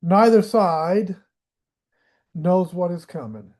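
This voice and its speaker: A man's voice: high voice, animated, slow, a little mellow. A man from Tennessee with a Southern US accent, reading a history book aloud and adding casual asides of his own. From Tennessee, USA. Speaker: audiobook reader.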